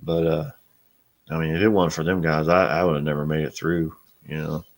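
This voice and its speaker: A middle-aged man with a very deep voice talks casually to his live audience. He is blunt and plain-spoken, and he swears freely as he chats. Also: fairly even intonation, brisk, gravelly. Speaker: host. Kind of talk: casual live-stream chat.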